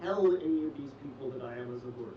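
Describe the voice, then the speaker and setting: A man playing in a tabletop game, making quick, dry asides in character. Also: mid-range voice, warm tone. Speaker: player. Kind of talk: casual chat in a game. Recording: distant, muffled, echoey with noise.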